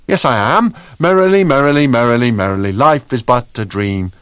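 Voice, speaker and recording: A man voicing a boisterous, theatrical male adventurer who talks loudly and in a bouncy sing-song way. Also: medium pitch, big pitch swings, moderate pace, no echo, voice pushed up, natural voice. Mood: cheery, loud. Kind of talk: audiobook character voice.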